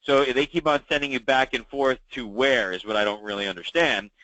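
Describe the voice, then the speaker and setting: Bright-voiced man hosting an agent call. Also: mid-range voice, steady tone, a little fast, no room sound, rough recording. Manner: conversational, many fillers, repeats key advice. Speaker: meeting host for insurance agents. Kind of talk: weekly call briefing.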